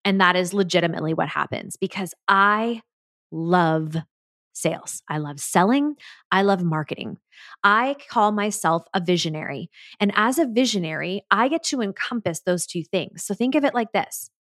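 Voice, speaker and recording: A woman's voice: medium pitch, lively intonation, moderate pace, fairly bright tone, no echo. An enthusiastic woman delivers a solo podcast monologue with emphatic, motivational energy. Her voice is recorded dry and close, with no room sound around it. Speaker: podcast host and business coach.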